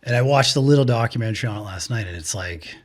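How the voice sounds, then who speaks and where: A male podcast co-host rambles through stories in casual chat, swearing freely and leaning on fillers. His pitch sits in an ordinary middle range for a man. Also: animated, quick pace. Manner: rambling, profane, filler-heavy storytelling.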